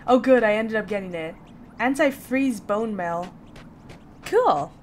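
A woman giving chatty, excitable commentary while playing a video game. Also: medium pitch, a little slow, a little hiss or hum. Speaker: gaming channel host. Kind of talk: let's play commentary.

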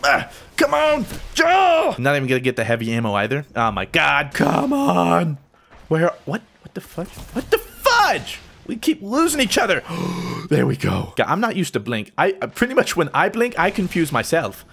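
A man giving excitable live gameplay commentary, joking and trash-talking opponents as he plays. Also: fairly high pitch, moderate pace, creaky. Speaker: gaming channel host.

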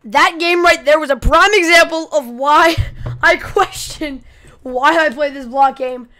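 A high-pitched woman giving gameplay commentary as a channel host. She talks in an excitable, chatty way and trash-talks her opponents playfully. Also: measured pace.

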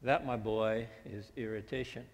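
A man's voice: lowish voice, normal speed, gravelly. A man voicing a dry, commanding old great-grandfather teaching a lesson. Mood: deadpan. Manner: commanding, deadpan. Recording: long church-hall reverb.

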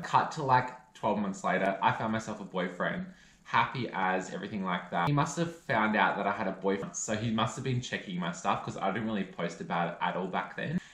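A man's voice: fairly low pitch, fairly quick, reverberant. Chatty young man telling a story. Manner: animated, chatty storytelling full of "like" fillers. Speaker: vlogger. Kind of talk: storytime vlog.

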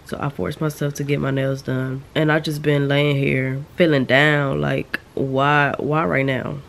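A woman's voice: extremely low pitch, level tone, a little slow, gravelly. A young woman vlogging from home while sick with a sore throat, talking candidly and rambling to her viewers. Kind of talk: casual vlog update. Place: at home, lying down.

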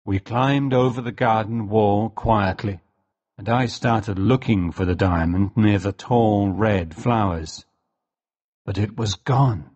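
Slow, low-voiced male story narrator. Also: a little mellow, muffled recording. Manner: slow and clear, for language learners. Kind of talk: graded-reader story narration.

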